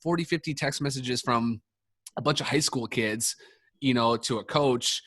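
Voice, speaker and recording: A man's voice: medium pitch, moderate pace, fairly bright tone, dry recording, studio quality. A man telling a long story in a casual podcast chat, rambling and swearing, full of fillers and restarts. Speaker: podcast speaker, sports coach.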